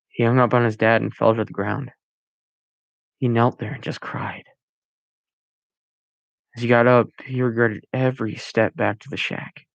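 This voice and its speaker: A man reading his own story aloud, halting now and then with restarts and corrections. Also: medium pitch, little pitch movement, vocal fry, dry recording, muffled recording. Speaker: amateur story reader.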